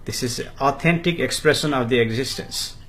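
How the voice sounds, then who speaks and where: Brief: man, spiritual teacher answering viewer comments on a live stream, halting delivery full of fillers. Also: medium pitch, a bit bright. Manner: refers to himself in the third person, slow and halting with many fillers.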